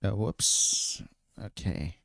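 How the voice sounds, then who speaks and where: A man's voice: drawn-out words, a bit bright, dry recording. A man streaming casually, thinking aloud, often trailing off and restarting his phrases. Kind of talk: casual livestream chat.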